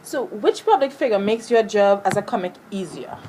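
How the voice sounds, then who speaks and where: A woman's voice: medium pitch, animated, moderate pace, warm tone, a little hiss or hum. A woman interviewing for a school project, reading out set questions.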